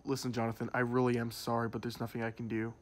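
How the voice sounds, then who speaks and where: A man's voice: medium pitch, monotone, fast, natural voice. A man voicing a boss who fired his friend and keeps pleading and apologizing, repeating himself. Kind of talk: amateur game-video voice acting.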